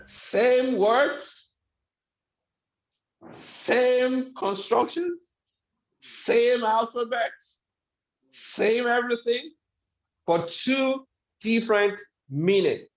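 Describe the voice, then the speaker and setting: A man's voice: very high-pitched, very slow, long pauses. A man giving a motivational webinar lecture, speaking emphatically and repeating key phrases for effect. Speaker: webinar speaker on life skills. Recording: echoey room, dull lo-fi sound.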